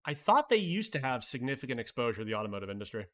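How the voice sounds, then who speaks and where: A man's voice: medium pitch, very animated, racing, fairly bright tone. A man hosting a live stream, chatting loosely and thinking aloud while answering viewer messages, with casual swearing. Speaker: livestream host.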